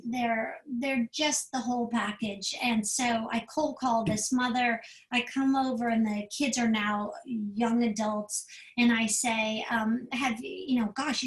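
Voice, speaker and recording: A middle-aged woman psychiatrist gives a parenting talk, fairly high-voiced and animated. She acts out the quotes as she tells her stories. Her voice carries with echo around the room. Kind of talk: storytelling lecture. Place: event room.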